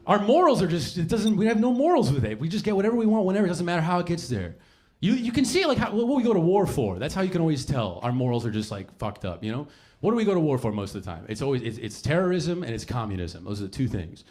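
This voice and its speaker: A man's voice: high voice, expressive, rapid-fire, a little hiss or hum. A young man doing a profane, rambling stand-up set on a comedy club stage, self-mocking, into a handheld mic, with live audience laughter.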